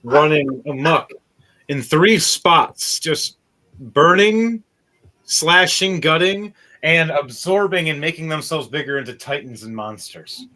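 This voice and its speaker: A man narrating a tabletop game as game master, animated and laughing often as he describes the action. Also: on the high side. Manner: animated, laughs often, does quick voices.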